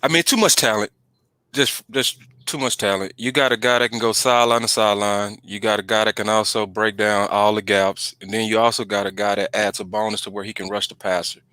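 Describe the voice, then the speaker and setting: A man hosting a relaxed sports podcast, leaning hard on his points and repeating them to drive them home. His voice is bright and forceful, and the room is dry and close with no echo. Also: fairly low pitch, brisk, clean tone. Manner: emphatic, repeats points for stress. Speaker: podcast host. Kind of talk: casual sports chat.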